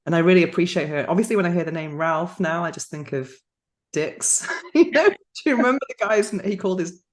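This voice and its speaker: A woman hosts a podcast in a casual interview chat, laughing often and restarting her sentences. Her voice is lowish, animated, and brisk.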